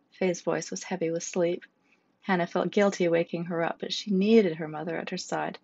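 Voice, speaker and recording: A woman narrating a storybook in a steady, measured way. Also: on the low side, creaky, slightly rough, no room sound. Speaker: audiobook narrator. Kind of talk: scripted narration. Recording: dull, dry lo-fi recording.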